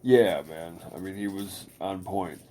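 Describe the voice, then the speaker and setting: A middle-aged man chatting casually as a podcast co-host, swearing a lot and talking in animated bursts. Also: measured pace, very noisy. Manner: profane, animated, bursts into high falsetto singing. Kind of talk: casual chat.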